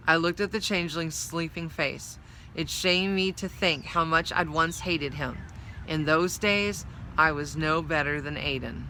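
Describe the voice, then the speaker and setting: A woman's voice: deep voice, measured pace, sharp tone, slight background noise. A woman reading a novel aloud, narrating steadily in the first person. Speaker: storyteller.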